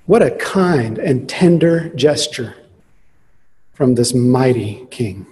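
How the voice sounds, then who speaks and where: A man preaching a sermon, earnest and emphatic, slowing down on key phrases. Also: medium pitch, expressive, warm tone. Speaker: pastor. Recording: long reverb of a large hall.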